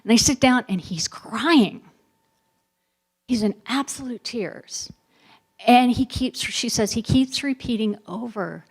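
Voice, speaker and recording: A middle-aged woman historian, a guest speaker who answers audience questions with animated, emphatic storytelling and asides. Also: a little high, slow, breathy edge.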